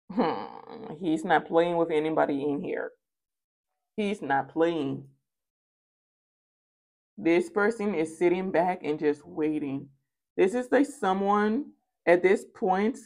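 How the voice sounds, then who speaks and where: Tarot reader, female, lower register, chatty and emphatic, repeats lines for stress. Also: darkish tone. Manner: casual and chatty. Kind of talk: spoken tarot reading.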